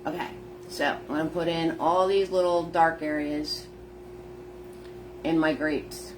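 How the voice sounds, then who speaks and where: A woman's voice: low-pitched, fairly even intonation, a little slow, slight background noise. A woman teaching a live painting lesson, narrating each step in a chatty way. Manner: chatty, step-by-step narration, greets viewers by name. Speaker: painting instructor. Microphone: phone.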